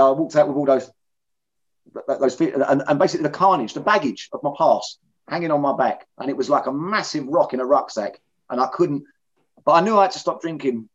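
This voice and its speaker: A middle-aged man, candidly telling his own story in an interview, blunt and plain-spoken. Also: on the high side. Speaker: interviewee in recovery. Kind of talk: personal testimony in conversation. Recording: dull lo-fi recording.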